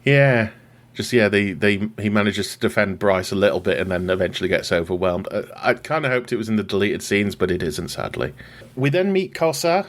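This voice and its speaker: Man, podcast host, casual film recap, wry and chatty, fairly low voice. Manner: wry, chatty, laughs at his own jokes.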